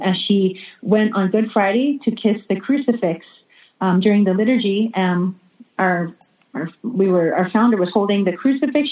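A woman, a religious sister, recounts a memory in a hesitant way, full of fillers and restarts. Her voice comes through a narrow, phone-like line. The sound is also roomy and echoey. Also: medium pitch. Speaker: religious sister, interview guest. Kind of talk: remote interview testimony. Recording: echoey, phone-like remote call audio.

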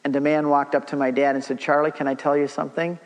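Middle-aged male church speaker, animated storyteller, fairly high voice, big reverberant hall. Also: fast. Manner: animated storyteller, acts out dialogue. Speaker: Catholic speaker giving a talk. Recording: long reverb of a large hall.

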